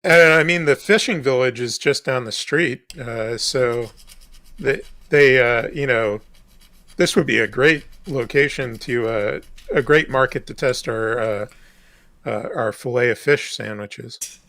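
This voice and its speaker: A man with a mid-range voice plays in a tabletop game. He pitches a business idea like a salesman, repeating words and filling gaps with "uh". The sound is dry and close. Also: measured pace, fairly bright tone, no room sound. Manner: mock sales pitch, hesitant with fillers. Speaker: player. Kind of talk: casual banter in a tabletop game.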